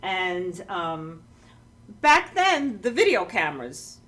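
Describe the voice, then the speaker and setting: A woman's voice: lowish voice, sing-song, takes it slowly, a bit bright, far from the mic. A woman telling a rambling story on a talk show, with many restarts and some laughter. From New York. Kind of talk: casual anecdote.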